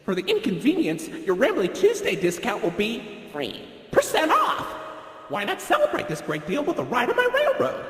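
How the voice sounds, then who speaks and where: A man's voice: very high voice, huge pitch swings, normal speed, a bit bright, heavily acted. A man voicing a cheerful cartoon raccoon mascot who guides visitors through a theme park in an upbeat, salesy patter. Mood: cheery. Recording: echoey reverberant game audio.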